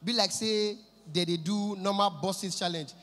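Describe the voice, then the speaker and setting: Bright-voiced Nigerian comedian in a hall. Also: male voice, high-pitched, unhurried, a little hiss or hum. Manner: animated, switches between voices for characters, bursts into shouts. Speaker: stand-up comedian. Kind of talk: stand-up comedy set in Pidgin English. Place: large live venue with audience. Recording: echoey hall from a live show.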